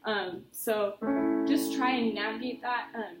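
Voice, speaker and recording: A woman's voice: fairly high pitch, measured pace, loud music behind the voice. Chatty, encouraging woman voice teacher. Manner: chatty and encouraging, explains with imagery. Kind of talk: private singing lesson instruction. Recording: roomy studio with faint noise.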